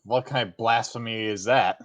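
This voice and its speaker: A man hosting a casual gaming chat, halting with fillers and laughing often. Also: on the low side, steady tone. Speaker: gaming channel host.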